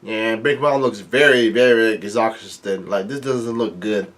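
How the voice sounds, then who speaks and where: A man casually reading through and commenting on a comic chapter, halting with fillers and restarts. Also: on the low side, a bit bright. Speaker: manga reaction host.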